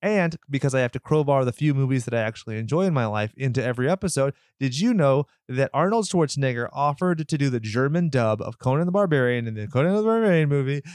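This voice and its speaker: A man's voice: medium pitch, lively intonation, quick pace, few pauses, a little mellow, no room sound, clean studio sound. Sarcastic man co-hosting a podcast. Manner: sarcastic, joking, swears. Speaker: podcast co-host. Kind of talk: casual movie review banter.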